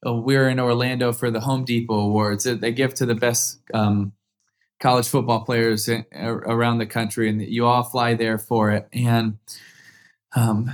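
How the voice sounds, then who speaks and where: Man, thirties, interview guest, earnest, heartfelt storytelling, mid-pitched voice. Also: moderate pace. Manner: earnest, heartfelt, grows lively as the story builds. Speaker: guest, former pro football quarterback.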